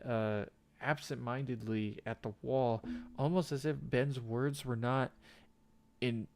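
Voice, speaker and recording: A man reading a game's story text aloud, slow and halting, with faint game music behind him. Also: medium pitch, steady tone, a little hiss or hum. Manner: shouts profanity at a game character; reads narration quietly and haltingly. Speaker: gamer reading a visual novel aloud.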